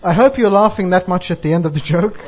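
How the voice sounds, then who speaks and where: A man's voice: high-pitched, animated, fast, some chatter behind. A man, a bishop, giving a sermon in a chatty, self-deprecating way, telling a joke and laughing along. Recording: dull lo-fi recording.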